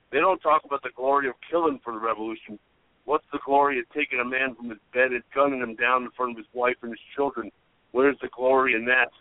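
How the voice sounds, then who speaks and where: A man's voice: mid-range voice, no echo, natural voice. A man impersonating an impassioned Irish male rock singer who makes a fervent speech full of rhetorical questions. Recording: phone-like narrow sound.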